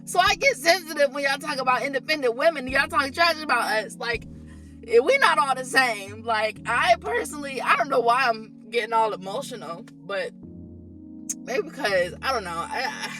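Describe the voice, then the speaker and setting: Woman, young, vlogger, bright and forceful tone, emphatic and exasperated, candid venting. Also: high-pitched, lively intonation, normal speed. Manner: emphatic, rising to exasperated outbursts. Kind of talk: candid venting monologue to camera. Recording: faint background music.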